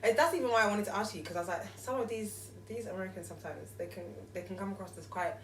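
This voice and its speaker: A woman's voice: medium pitch, fast talker, far from the mic. A young woman hosting a podcast, chatting casually and hedging with many fillers. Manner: relaxed, hedging with frequent fillers. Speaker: podcast host. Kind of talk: casual chat. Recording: roomy, off-mic.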